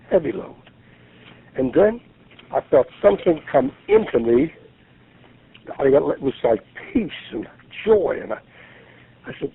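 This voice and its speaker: An older pastor in his seventies tells his story in earnest, acting out the voices of the people in it. His voice is gravelly and husky. He comes through a thin, tinny phone line. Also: medium pitch. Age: 70s. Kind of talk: radio interview storytelling.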